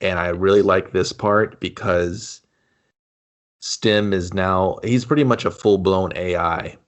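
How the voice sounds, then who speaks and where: A man co-hosting a casual movie review podcast, joking and acting out scenes in quick put-on voices. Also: sits low, steady tone. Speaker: podcast co-host.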